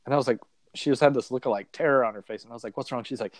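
A man's voice: mid-range voice, racing, no echo. A man, a former contestant, telling a rambling story in a casual interview, filling his speech with "like" and acting out what people said. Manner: rambling, fills speech with "like", acts out quoted dialogue.

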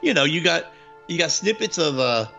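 A man's voice: fairly high pitch, expressive, moderate pace, vocal fry, sharp tone. A man in casual chat who talks animatedly and breaks into mock voices. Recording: dull lo-fi recording with faint music.

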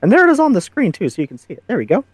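A woman playing in a tabletop role-playing game, excitable and quick to laugh. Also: mid-range voice, husky, no echo. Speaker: player. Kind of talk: casual tabletop play.

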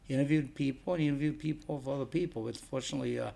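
Here the label owner races along in a warm, creaky, medium-pitched voice. The casual interview finds him rambling bluntly about his DVD business, with plenty of swearing.

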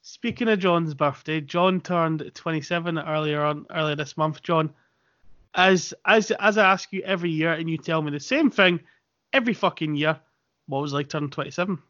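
Scottish man, 20s, podcast host with a high voice, loose and profane storyteller, on a muffled lo-fi recording. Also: normal speed, bright, forceful tone, dry recording. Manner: swears freely, rambling anecdotes. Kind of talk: casual chat.

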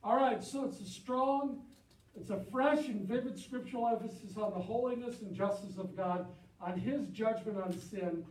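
A man preaching a sermon in a church, impassioned, swinging from loud emphatic peaks to low confiding asides. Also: normal speed, roomy sound, recorded from a distance, poor audio. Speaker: pastor. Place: church sanctuary.

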